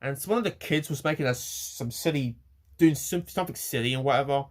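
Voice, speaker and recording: Rambling young man ranting. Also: medium pitch. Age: young adult. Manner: rambling, halting, swears freely. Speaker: vlogger. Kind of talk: casual rant to camera.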